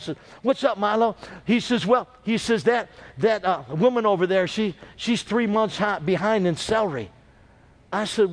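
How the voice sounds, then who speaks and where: High-voiced pastor preaching a story sermon. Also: male voice, moderate pace. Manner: storytelling preacher with call-and-response.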